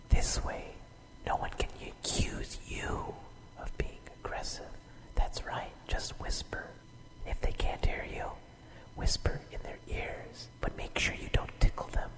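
A woman speaking in a whispered role-play, giving slow, soft, mock-serene advice as a radio segment voice. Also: very high voice, low-quality recording.

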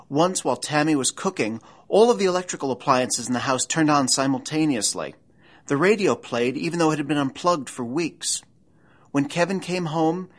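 A man reading scripted documentary narration about an eerie true case, with a measured, dramatic storytelling delivery. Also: mid-range voice, a bit bright.

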